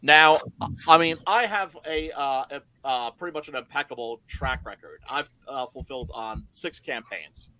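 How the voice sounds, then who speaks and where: A man chatting casually on a comics talk stream, telling stories in an animated, emphatic way. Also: mid-range voice, moderate pace. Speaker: comic creator guest. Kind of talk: casual podcast chat.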